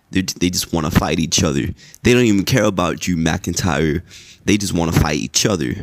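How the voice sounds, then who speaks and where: A young man with a deep, low voice talks through a wrestling recap in a drowsy, laid-back ramble, full of filler words and casual swearing. The recording is dry and close, with no room sound around him. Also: no echo. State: sleepy. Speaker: podcast host.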